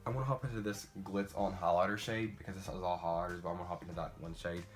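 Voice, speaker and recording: A teenage boy talking through a casual makeup storytime, chatty and animated, jumping into high squeals when quoting people. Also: very fast. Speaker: beauty vlogger. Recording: faint music behind.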